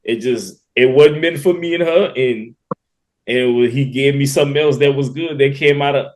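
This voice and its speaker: A man's voice: mid-range voice, moderate pace, darkish tone. A man, co-hosting a podcast in casual talk. He is reflective and laid-back, and laughs between words. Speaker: podcast co-host.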